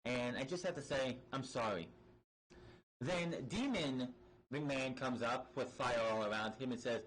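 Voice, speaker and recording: A man's voice: mid-range voice, a little slow, a bit bright, slight background noise, low-quality recording. A man giving a casual, opinionated recap of a wrestling show, blunt and emphatic, swearing freely and often restarting his sentences.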